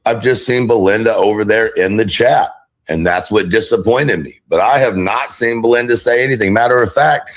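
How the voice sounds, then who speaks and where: A man's voice: lowish voice, moderate pace. A man ranting on a casual livestream, defiant and profane, with a drawling delivery. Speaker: livestreamer being critiqued.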